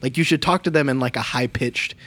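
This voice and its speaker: A man's voice: mid-range voice, fairly quick, sharp tone. Young male co-host, mid-range voice, chatty, laughs easily. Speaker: podcast co-host. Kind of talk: casual chat.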